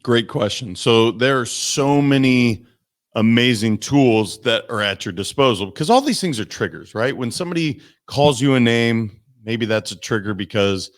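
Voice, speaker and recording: A man, a guest coach in a podcast interview, telling stories in an animated way and acting out the people he quotes. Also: mid-range voice, normal speed. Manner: animated storytelling, acts out voices in quotes. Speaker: guest, mindset and business coach.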